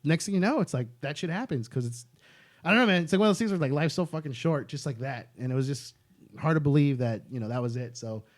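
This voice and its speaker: A man's voice: a little high, fast. A man in casual podcast chat, a stand-up comic telling stories with lots of swearing and laughter.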